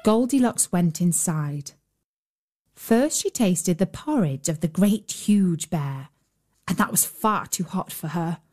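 A woman narrating a bedtime fairy tale as a storyteller, with a gentle storybook cadence. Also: lowish voice.

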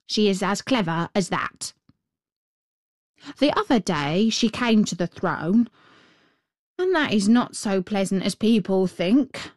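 A woman voicing a thoughtful, slow-spoken talking crow in a storybook reading, speaking in a deliberate way. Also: mid-range voice, a little mellow, no echo, studio quality, natural voice.

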